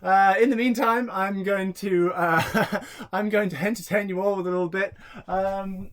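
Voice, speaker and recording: A young host with a high voice runs a comedy showcase over a video call. He giggles often and stumbles over his words in a casual, flustered way. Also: steady tone, normal speed. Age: young adult. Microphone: laptop or headset mic on a video call.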